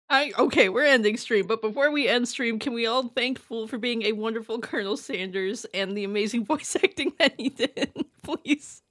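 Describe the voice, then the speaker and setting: A woman streamer chatting casually with her viewers, excitable and quick to laugh. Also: on the high side, no room sound, clean studio sound. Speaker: live streamer. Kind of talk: casual live-stream chat reading viewer messages.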